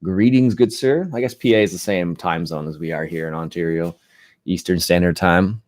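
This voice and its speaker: A man hosting a casual live-stream chat, rambling and relaxed, with frequent restarts and fillers. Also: sits low, a little fast, no room sound, studio quality. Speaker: gaming channel host.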